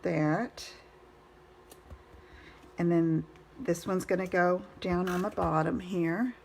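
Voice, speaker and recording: A woman's voice: lowish voice, steady tone, slow, creaky, slight background noise. A woman giving a live card-making demonstration, chatty and encouraging, greeting viewers by name.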